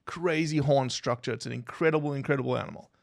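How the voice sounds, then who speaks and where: A man's voice: medium pitch, fast talker, gravelly, dry recording, clean studio sound. A man, a biologist guest on a podcast, telling stories and quizzing his hosts. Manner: animated explainer, poses questions to listeners. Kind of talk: podcast interview storytelling.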